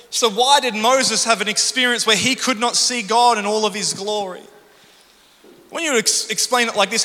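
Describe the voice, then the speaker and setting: A man's voice: high-pitched, bright, forceful tone. A man preaching a sermon from a church stage, telling a personal story and building to emphatic preaching. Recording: long reverb of a church hall.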